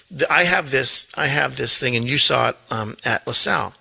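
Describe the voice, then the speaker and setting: A man's voice: mid-range voice, moderate pace, vocal fry, few pauses, sharp tone, husky, rough recording. A middle-aged man, a school principal, talking earnestly in an interview and often repeating words as he thinks. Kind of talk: casual interview talk.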